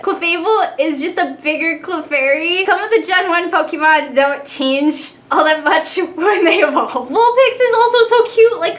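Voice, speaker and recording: A woman's voice: high-pitched, fairly bright tone. A young woman chatting casually in a vlog, bubbly and gushing, full of "like" asides and little acted-out reactions. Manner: acts out childhood reactions in quoted mini-voices. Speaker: YouTuber.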